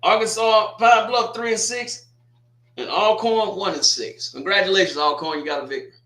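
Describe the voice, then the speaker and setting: A man's voice: sits high, steady tone, normal speed, sharp tone, roomy sound. A sports livestream host, chatting loosely and jokingly straight to his viewers. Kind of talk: casual livestream commentary.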